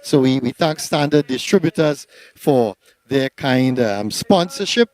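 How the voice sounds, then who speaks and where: A man's voice: medium pitch, lively intonation, a little slow, darkish tone. A man hosting live coverage of an outdoor sports day, chatty and rambling with many fillers. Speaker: event host. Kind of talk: live event commentary. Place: seated at an outdoor sports ground.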